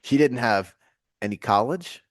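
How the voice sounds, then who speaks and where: A man's voice: medium pitch, lively intonation, measured pace, no echo, clean studio sound. A man with a Southern US accent, a podcast guest telling his story in a wry, easygoing way. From Atlanta, USA. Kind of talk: casual podcast conversation.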